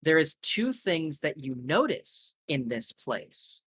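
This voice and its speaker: A man's voice: on the high side, very animated, slow, fairly bright tone, slightly rough, dry recording. Male game master, rambling, filler-heavy, casual, dry close sound. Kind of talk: narrating a tabletop game.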